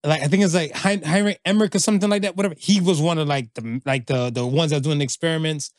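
A man's voice: fairly high pitch, quick pace, dry recording, studio quality. A man from Canada co-hosting a podcast in casual chat, slangy and rambling with lots of fillers and restarts. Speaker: podcast co-host.

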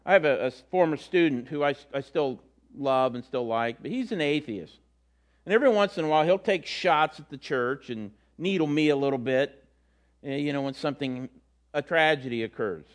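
A man's voice: fairly high pitch, expressive, normal speed. A middle-aged man giving a sermon as a pastor, telling stories and acting out the quotes in different voices. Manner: storytelling, acts out quotes with voices.

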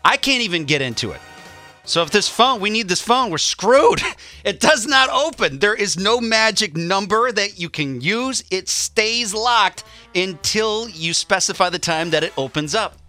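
A man in his forties co-hosting a morning radio show, telling a story with animated energy and acting out the quotes. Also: high-pitched, unhurried, soft background music.

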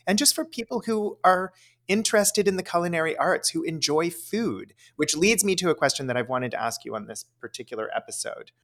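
A man's voice: on the high side, lively intonation, brisk, fairly bright tone. A man co-hosting a podcast, chatting in an enthusiastic way and asking leading questions. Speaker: podcast co-host. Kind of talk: casual chat.

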